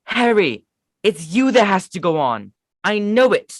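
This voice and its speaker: A man plays a loyal teenage boy sidekick pressing his friend to go on, pitched clearly higher than his normal voice. Dry, close recording. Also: big pitch swings, unhurried, dry recording. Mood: insistent.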